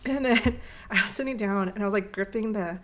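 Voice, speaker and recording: A young adult woman in casual chat, telling a story in an animated, giggly way with lots of "like". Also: mid-range voice, fairly quick.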